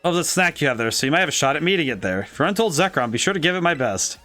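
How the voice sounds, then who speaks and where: A chatty old man with homespun sayings who hands out snacks, read aloud by a man with a dry throat. His voice sits a touch high and cracks now and then. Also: animated, very fast, bright, forceful tone, faint music behind. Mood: folksy.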